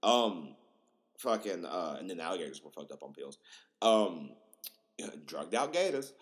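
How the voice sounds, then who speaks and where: A man's voice: deep voice, animated, moderate pace. A young man hosting a podcast, telling stories in a rambling, slangy way with lots of fillers and crude jokes. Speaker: podcast host. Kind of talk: casual storytelling monologue.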